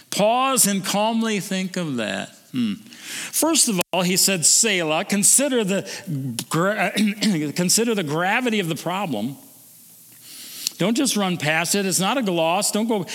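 A man preaching a sermon, swinging between emphatic declaiming and soft, low musing. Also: lively intonation, normal speed, in a large hall. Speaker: pastor.

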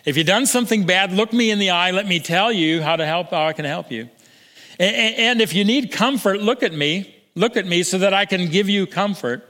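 An older man preaching a sermon, earnest, stumbling over restarts and sinking to soft, low emphasis. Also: fairly quick. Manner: earnest, with repeated restarts and soft drops to near-whisper for emphasis. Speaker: pastor. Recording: long hall reverb.

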